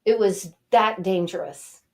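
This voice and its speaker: An older woman, a talk show guest, telling a personal story in a lively, animated way and acting out what people said. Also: medium pitch, unhurried. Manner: animated, acts out quotes and cries. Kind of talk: casual storytelling.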